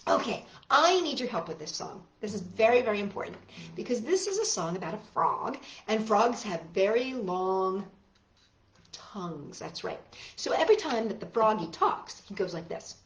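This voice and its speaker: A woman reading picture books aloud for children in an animated, sing-song way, chatting to young listeners between stories. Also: mid-range voice, normal speed, echoey room. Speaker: children's story reader.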